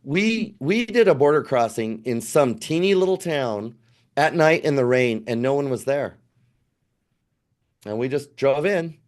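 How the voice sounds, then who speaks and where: Lively middle-aged man telling a story. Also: medium pitch, unhurried. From United States. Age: 50s. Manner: animated storyteller acting out quoted dialogue. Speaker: podcast guest. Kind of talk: casual storytelling.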